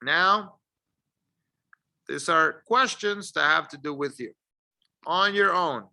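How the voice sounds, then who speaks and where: A man teaching an English lesson, encouraging and drilling words clearly for learners to repeat. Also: a little high, slow, sharp tone. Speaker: ESL teacher. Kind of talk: slow, deliberate English lesson.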